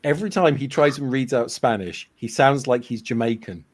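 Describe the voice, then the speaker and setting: A man's voice: mid-range voice, normal speed, a loud crowd. A man chatting on a stream, making wry jokes about language and films. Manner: wry, joking. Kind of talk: casual group chat.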